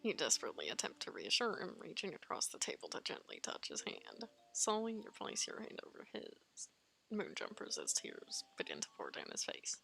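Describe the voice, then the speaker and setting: Bright, gravelly woman reading a game aloud. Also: fairly low pitch, normal speed, slight background noise. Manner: giggly, expressive reading. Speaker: let's play streamer. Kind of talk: reading a visual novel aloud.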